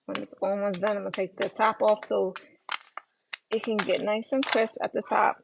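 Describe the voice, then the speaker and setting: Tired gravelly-voiced woman cooking live. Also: mid-range voice, level tone, normal speed, background noise. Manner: chatty, reads out viewer comments and replies to them. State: tired from lack of sleep. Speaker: livestream host cooking dinner. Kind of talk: casual livestream chat while cooking. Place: home kitchen. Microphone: phone livestream. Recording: kitchen clatter of pans and cutlery.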